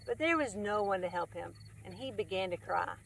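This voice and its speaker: A woman's voice: mid-range voice, animated, brisk, vocal fry, fairly bright tone. Friendly woman reading a storybook aloud. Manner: friendly and chatty, with fillers. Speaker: storytime reader and host. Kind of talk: reading a children's picture book aloud.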